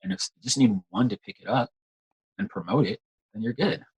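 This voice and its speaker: A man's voice: mid-range voice, very animated, brisk, vocal fry, breathy edge, rough recording. A man chatting casually as an interview guest, laid-back and slangy, repeating words as he talks. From United States. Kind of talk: casual conversation.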